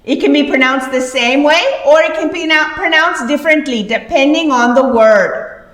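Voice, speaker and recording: A woman's voice: high-pitched, normal speed, fairly bright tone. A woman teaching a class lesson, speaking patiently and repeating words to explain them. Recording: echoey room, voice far from mic.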